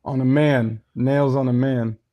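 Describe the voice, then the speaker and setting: A man's voice: medium pitch, steady tone, a little slow, dark tone. A young man co-hosting a casual podcast, teasing his co-host and laughing often. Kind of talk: casual chat.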